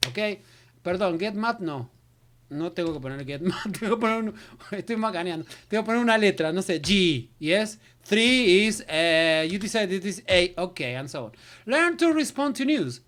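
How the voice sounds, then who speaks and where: A woman's voice: mid-range voice, animated, moderate pace, fairly bright tone. Woman English teacher, casual lesson voice, trails off into filler syllables. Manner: filler syllables, switches to Spanish. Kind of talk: recorded lesson walkthrough.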